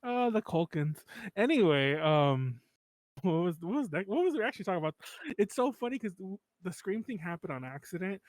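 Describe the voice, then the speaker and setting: A man's voice: sits high, big pitch swings, brisk, no echo. A man co-hosting a podcast in casual chat, rambling, swearing and laughing often. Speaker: podcast co-host.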